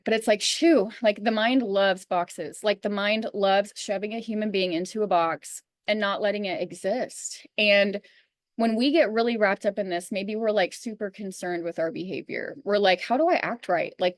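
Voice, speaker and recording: A woman's voice: mid-range voice, dry recording, clean studio sound. Earnest woman giving casual spiritual talk. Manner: earnest, coaching, lots of fillers like "you know" and "like". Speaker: astrology reading host.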